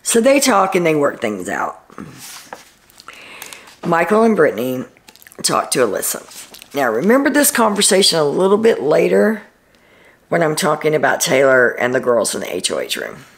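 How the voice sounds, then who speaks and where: Gravelly-voiced woman recapping reality TV. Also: sits low, wildly swooping pitch, normal speed, pauses often. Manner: chatty storytelling, frequent "he's like" quotes. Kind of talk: casual recap commentary.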